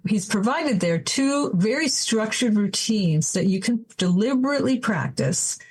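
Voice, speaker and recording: An older woman with a Canadian accent, a guest on a podcast interview, explaining her work as an adult educator in a measured, thoughtful way. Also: medium pitch, a little mellow, husky, rough recording.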